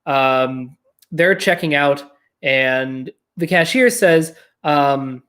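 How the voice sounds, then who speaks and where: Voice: mid-range voice, drawn-out words. A podcast host talking casually in a loose, filler-heavy way, telling stories and dropping the odd swear word. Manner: chatty, filler-heavy, animated storytelling with frequent "like"; blunt, occasionally swears.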